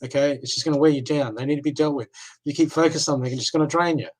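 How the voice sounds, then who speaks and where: A man's voice: on the high side, fairly even intonation, racing, darkish tone, rough recording. An Australian man giving live card readings, talking casually and reassuringly, often checking in with "okay?". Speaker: card reader.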